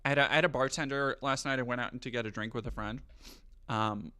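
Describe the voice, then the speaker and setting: Racing along in a clear, resonant, medium-pitched voice, a man gives casual livestream commentary. His animated riffing is jokey and profane, and he reads text out loud with exaggerated mock drama.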